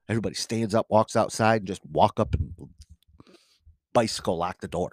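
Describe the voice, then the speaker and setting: A man co-hosting a casual sports podcast, ranting with animated outbursts. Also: fairly low pitch, a little fast, long pauses, no room sound, clean studio sound. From Detroit area. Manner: animated, ranting, bursts into shouting. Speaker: podcast co-host.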